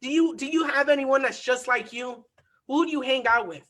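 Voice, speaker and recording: A man teaching a motivational online coaching lesson on marketing and mindset, energetic and repeating key phrases for emphasis. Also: very high-pitched, normal speed.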